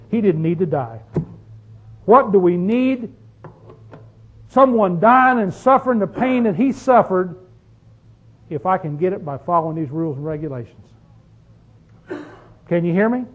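A man's voice: high-pitched, highs cut off. A man preaching a sermon, pressing his points with rhetorical questions and drawing out key phrases for stress. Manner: emphatic, rhetorical questions to the congregation.

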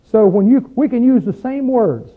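A man's voice: extremely high pitch, expressive, normal speed. A man leading an interactive Bible study, teaching emphatically and asking the group questions as he goes. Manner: emphatic, questions the group, rises when stressing points. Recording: tinny phone-like recording.

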